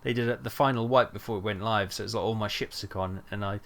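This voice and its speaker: A man's voice: lowish voice, steady tone, quick pace, gravelly, a bit bright. A man streaming a trucking game, rambling and thinking aloud with lots of fillers. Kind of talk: casual gameplay chat.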